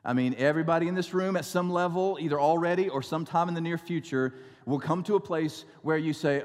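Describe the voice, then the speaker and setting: A male pastor preaching a sermon, stretching out scripture slowly and telling stories with wry asides. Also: on the high side. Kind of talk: sermon with storytelling. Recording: long reverb of a large hall.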